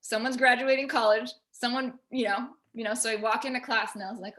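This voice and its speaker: A woman on a video call at home, telling a personal story in an animated way and quoting herself and others. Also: a little high, fast talker. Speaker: featured artist guest. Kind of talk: casual video call discussion.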